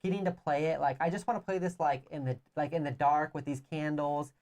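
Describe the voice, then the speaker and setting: A woman's voice: low voice, fairly even intonation, brisk, darkish tone. A woman co-hosting a casual chat show, talking enthusiastically and rambling as she explains things. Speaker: co-host of a board game review show.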